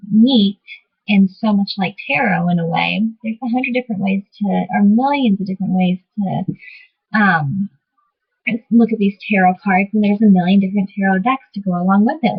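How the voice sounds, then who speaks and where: A woman with a breathy, slightly husky voice talks her viewers through a topic in a loose, meandering vlog style. She keeps stopping to rephrase and fill gaps with little asides. The sound is muffled and lo-fi, like an older home video. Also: mid-range voice. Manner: rambling, many fillers and self-corrections. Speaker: vlogger teaching divination. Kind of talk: casual explanatory talk to camera.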